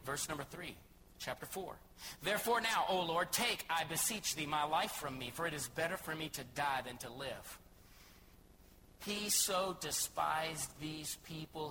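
A man's voice: on the high side, background noise. A man from Texas, a missionary preacher, giving a dramatic sermon and acting out the people in the Bible story. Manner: dramatic, acts out biblical speakers.

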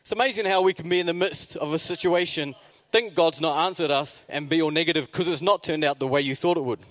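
Animated young man telling a story. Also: a little high, fast talker. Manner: animated, self-mocking storytelling with laughs. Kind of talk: storytelling sermon.

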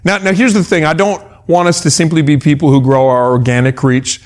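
A man delivers a sermon in a relaxed, conversational tone. His voice sits a little high for a man. He often restarts phrases, repeating a word before pressing on. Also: a little fast. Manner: conversational, repeats words when starting phrases; acts out quoted voices in asides. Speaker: pastor.

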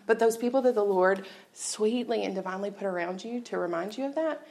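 Gravelly woman giving testimony. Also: medium pitch, fast talker, warm tone. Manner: conversational, candid, often laughing. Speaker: speaker at a church gathering. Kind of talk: personal testimony talk.

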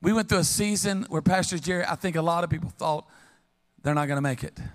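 A middle-aged man preaching a sermon as pastor, telling funny stories with lively call-and-response to the congregation. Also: fairly high pitch, fast. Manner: humorous, animated storytelling with call-and-response. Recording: long reverb of a large hall.

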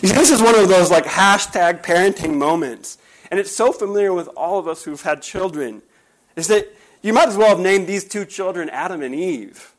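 Male pastor, sermon, emphatic storyteller, slightly high voice. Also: normal speed, poor audio. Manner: storytelling, emphatic, rhetorical questions.

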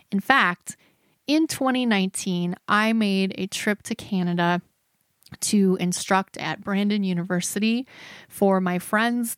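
A woman hosting a podcast, telling a personal story in an animated, self-deprecating way, talking closely into the mic. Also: medium pitch, no room sound, clean studio sound. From United States. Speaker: podcast host.

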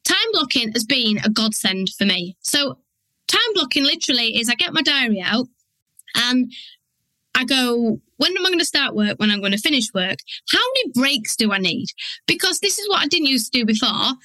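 A woman's voice: sits high, big pitch swings, normal speed, sharp tone, dry recording, poor audio. A woman hosting a podcast alone, talking frankly and acting out her inner voice in quoted asides. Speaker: podcast host. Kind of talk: candid solo podcast talk.

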